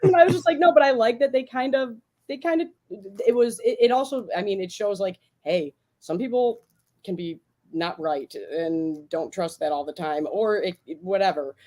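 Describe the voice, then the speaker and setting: A woman co-hosting a casual podcast chat, talking in an animated way with many restarts and acted-out quotes. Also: medium pitch, normal speed. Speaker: podcast co-host.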